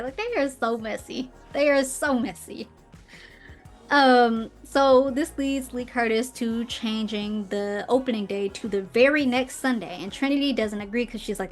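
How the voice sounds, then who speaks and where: A chatty woman hosting a podcast, walking through a film plot with casual asides and fillers. Her voice sits a bit high, and faint music plays behind her. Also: normal speed. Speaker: podcast host. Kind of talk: casual film recap commentary. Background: faint intro music.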